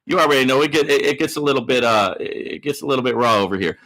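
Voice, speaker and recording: A man hosting a live Q&A stream, giving loud, hyped shout-outs to viewers in the chat and teasing them boastfully. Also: medium pitch, lively intonation, fast. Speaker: livestream host.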